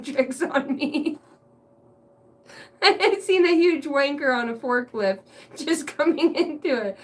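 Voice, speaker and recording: A woman's voice: high-pitched, expressive, takes it slowly, long pauses, sharp tone. A woman doing a casual tarot reading, swearing freely and breaking into laughter often. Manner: giggly, crude, keeps breaking into laughter. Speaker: tarot reader.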